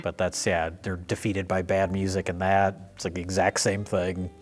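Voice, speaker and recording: A man's voice: deep voice, level tone, normal speed, over music. A middle-aged man in casual film discussion, picking apart a movie's story in a dry, analytical way. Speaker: co-host reviewing films.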